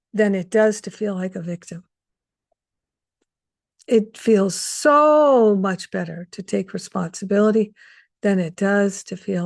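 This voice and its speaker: A woman giving a heartfelt, conversational spiritual talk, pausing on fillers and restarting her sentences as she reflects. Her voice sits at a middling pitch and sounds close and dry, with no room around it. She is recorded through a video call mic. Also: darkish tone, no room sound. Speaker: spiritual teacher hosting an online gathering.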